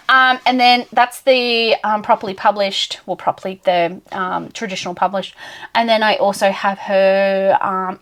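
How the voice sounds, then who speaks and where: A young woman casually chatting through a tour of her bookshelves, gushing and dropping into soft whispered asides. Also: medium pitch, moderate pace. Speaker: book vlogger.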